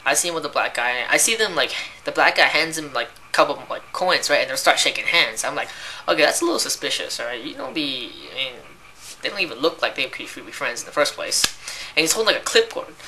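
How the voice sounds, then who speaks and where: A young woman cashier rants about annoying customers in a low, very animated voice, talking fast with a bright, forceful tone. She sounds exasperated and rambles casually, stuffing her speech with "like" and "right?". There's slight background noise.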